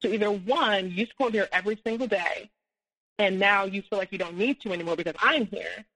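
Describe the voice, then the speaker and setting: A woman's voice: medium pitch, fast talker, bright, forceful tone, rough recording. A woman guest on a podcast, telling a personal story with many fillers and restarts, and acting out the dialogue she quotes. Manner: acts out quoted dialogue, rising when heated.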